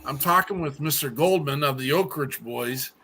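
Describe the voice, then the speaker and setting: Bright-voiced man who stammers through stories. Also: a little high, moderate pace, breathy edge. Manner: rambling, stutters and restarts. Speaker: musician guest. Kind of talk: casual podcast chat.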